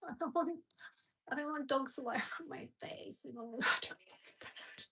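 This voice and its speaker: Australian woman streaming from home; loose, rambling chatter with asides to a dog, voice on the higher side. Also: moderate pace, creaky, sharp tone. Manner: rambling, chatty, talks to a dog between remarks. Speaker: livestreamer. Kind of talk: casual livestream chat.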